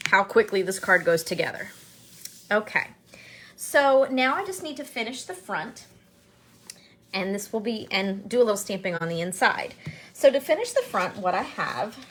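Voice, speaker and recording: A woman's voice: mid-range voice, fairly bright tone, slight background noise. Chatty woman demonstrating card making. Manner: chatty, upbeat, jokes while working. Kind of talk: casual craft tutorial narration. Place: home craft studio.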